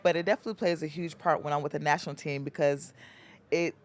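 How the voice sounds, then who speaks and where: A woman's voice: low voice, fairly even intonation. A young adult woman from the United States, a basketball player guest, talking in a chatty, good-humored way in an interview. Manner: quick, chatty, laughs easily. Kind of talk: interview conversation.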